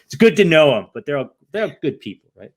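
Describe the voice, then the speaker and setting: A man's voice: fairly high pitch, quick pace. Man telling stories casually. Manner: animated, acts out quoted voices, frequent "right?". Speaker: podcast guest. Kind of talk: casual storytelling.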